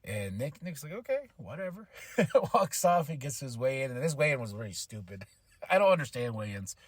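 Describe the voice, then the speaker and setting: A man hosting a podcast, casually recapping a wrestling show, animated and quick to laugh as he acts out what the wrestlers said. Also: medium pitch, no echo. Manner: animated, acts out quotes in changing voices, laughs often. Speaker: podcast host.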